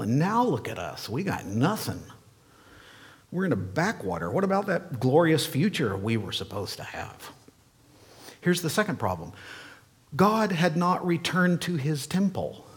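Lively expressive male preacher. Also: mid-range voice. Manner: expressive, reads scripture aloud, asks the congregation questions. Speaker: pastor. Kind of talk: sermon.

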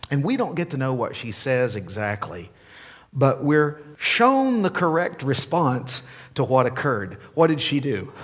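Husky male preacher in an echoing hall. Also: medium pitch. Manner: animated, playful, rhetorical questions. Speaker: pastor. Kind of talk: sermon.

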